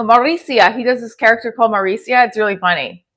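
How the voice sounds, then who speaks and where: A woman's voice: on the high side, lively intonation, a little fast, hardly any pauses, pushed and bright, a little hiss or hum. A woman in her forties with a New Jersey accent, chatting casually on a livestream from her kitchen and answering comments aloud. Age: 40s. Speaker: comedian livestreaming. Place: home kitchen.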